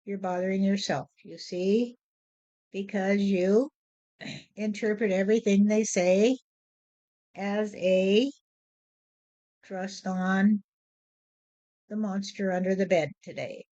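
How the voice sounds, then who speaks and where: A woman speaking as a spiritual medium in a slow, measured way, often repeating "you see.". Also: medium pitch, steady tone, warm tone, dull audio. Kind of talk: spoken spiritual monologue. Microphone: handheld voice recorder.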